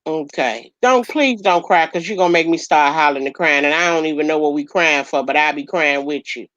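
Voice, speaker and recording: A woman's voice: sits low, steady tone, brisk, fairly bright tone, no room sound, lo-fi sound. A woman hosting a casual livestream chat, talking affectionately and calling people baby and honey. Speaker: livestream host.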